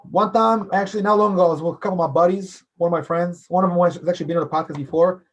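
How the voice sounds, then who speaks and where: A man's voice: sits high, fairly even intonation, very fast. A man hosting a casual solo podcast, rambling loosely, repeating phrases and filling with "you know". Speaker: podcast host. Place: based in Philadelphia.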